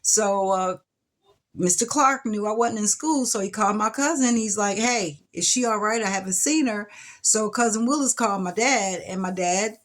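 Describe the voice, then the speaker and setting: A middle-aged woman, telling a personal story to camera in an emotional, reflective way, with sighs and restarts. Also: mid-range voice. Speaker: vlogger telling her life story. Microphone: camera mic.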